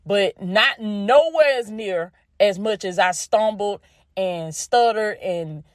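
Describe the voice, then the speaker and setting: At a slow pace and medium pitch, a Southern podcast host with a Southern US accent, from the Southern United States, gives a faith-based motivational talk. Her style is folksy and down-home: she repeats phrases for emphasis and calls listeners "baby" and "y'all". The recording is studio quality with no room sound.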